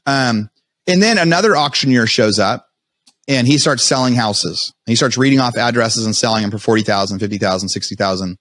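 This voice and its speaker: A man as a podcast guest, telling his story in a fast, animated way with many restarts. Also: medium pitch, dry recording. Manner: fast, animated retelling with frequent restarts and quoted self-talk.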